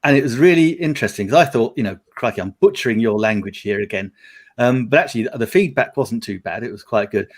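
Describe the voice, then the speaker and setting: A middle-aged Englishman, chatting casually on a live video panel. He tells long, rambling stories and laughs often as he goes. His voice sits at an ordinary, mid-range pitch. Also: lively intonation, fast talker. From England. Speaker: panel guest. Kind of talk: casual chat.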